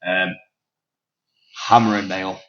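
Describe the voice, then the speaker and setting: A lower-voiced man with a Manchester accent hosts a grappling chat show. He talks loosely, swears freely and laughs easily. The recording is dull and lo-fi. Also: flat delivery, takes it slowly, bright, forceful tone. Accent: Northern English, Manchester. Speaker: podcast host and grappling coach. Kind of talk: casual chat. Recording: dull lo-fi sound.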